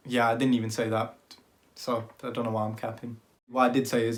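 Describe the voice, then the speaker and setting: A young man with a British accent, telling a storytime vlog in an animated, slang-filled way. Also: mid-range voice, brisk. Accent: British, London slang. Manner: animated, slangy retelling with lots of "like". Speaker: vlogger.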